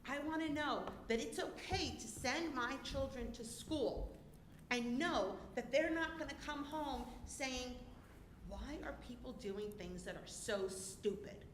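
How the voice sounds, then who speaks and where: A woman's voice: sits high, animated, measured pace, echoey room, a little hiss or hum. A woman speaking as a parent at a school board meeting's public comment, upset and indignant, near tears, her voice climbing and cracking. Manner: emotional, indignant, voice rising and cracking.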